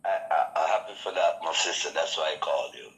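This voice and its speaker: A man's voice: very deep voice, quick pace, fairly bright tone, reverberant, rough recording. A man from Jamaica with a Jamaican accent, calling in to a talk show and complaining with fervent passion. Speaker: caller. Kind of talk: phone-in call.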